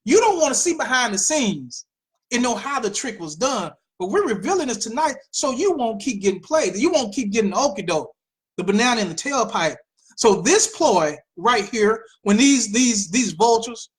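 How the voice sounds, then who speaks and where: A woman hosting a political commentary show, talking in an animated way with mocking asides and repeated phrases. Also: on the high side, normal speed. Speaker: host.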